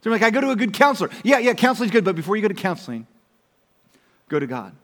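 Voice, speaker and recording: A man preaches a sermon in a casual, conversational way, his voice sitting a little high for a man. He rises to loud emphasis and then drops to near-whispered lines. A long reverb hangs around him as in a large hall. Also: very animated, racing. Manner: conversational, swings from loud to hushed. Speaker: pastor.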